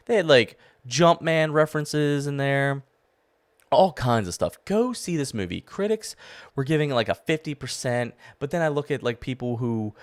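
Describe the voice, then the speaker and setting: A man's voice: medium pitch, no room sound. A young adult man hosting his own podcast, giving an enthusiastic, rambling movie review full of fillers and restarts. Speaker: podcast host. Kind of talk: casual solo podcast review.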